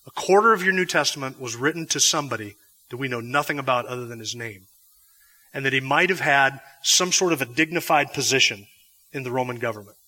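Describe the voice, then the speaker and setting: A man's voice: mid-range voice, fast, pushed and bright. A man teaching a Bible class in a classroom or church hall, explaining patiently with frequent restarts. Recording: long hall reverb.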